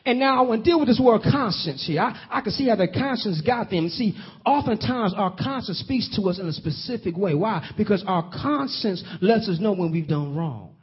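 High-voiced husky male preacher. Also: lively intonation. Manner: storytelling, drawn-out emphasis on key phrases; asks the congregation questions. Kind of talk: sermon. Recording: dull lo-fi audio.

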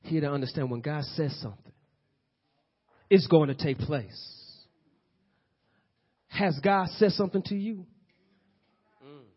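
A man preaching a sermon, building to loud bursts and asking the congregation questions. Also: a little high, lively intonation, a little slow, pauses often, husky, dull audio. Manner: preaching with rising bursts and call-and-response questions. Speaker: pastor.

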